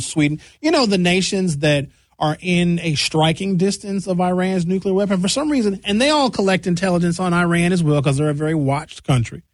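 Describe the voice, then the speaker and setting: A man's voice: a little high, no echo, low-quality recording. Sarcastic American man ranting. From United States. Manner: sarcastic, animated, mocking. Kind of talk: comedic political rant.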